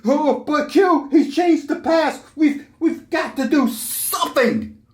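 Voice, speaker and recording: A man's voice: very high-pitched, slow, voice pushed up. A man doing a stammering worried captain. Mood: pleading. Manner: pleading, stammering. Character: earnest worried male starship captain. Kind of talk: comic parody skit. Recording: roomy echo.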